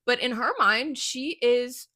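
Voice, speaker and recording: A woman's voice: fairly high pitch, pushed and bright. A young woman co-hosting a book podcast, chatting casually, laughing often and acting out characters' lines. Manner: bubbly, quick to laugh and act out lines. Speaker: podcast co-host.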